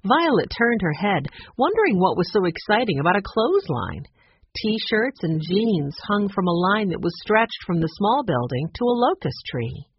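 Husky-voiced woman reading a children's book. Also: medium pitch, normal speed, dry recording. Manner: expressive, varies voices for characters. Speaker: audiobook narrator. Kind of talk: children's audiobook narration. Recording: dry, slightly dull recording.

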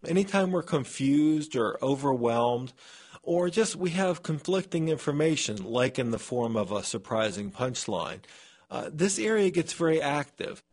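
A man's voice: on the high side, expressive, unhurried, darkish tone. A man, a scientist, being interviewed on public radio from a remote studio, talking with hesitant restarts.

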